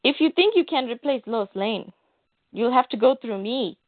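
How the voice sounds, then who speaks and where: A woman's voice: a little high, expressive, moderate pace, dry recording. A woman reading a comic's dialogue for a determined, guarded woman reporter, voiced lightly in her own voice. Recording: tinny phone-like dry audio.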